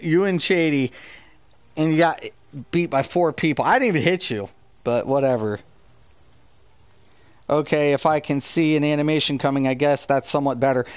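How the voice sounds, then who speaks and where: A gaming streamer hosting his own live channel rants heatedly and profanely while answering chat. His voice is medium-pitched with no echo.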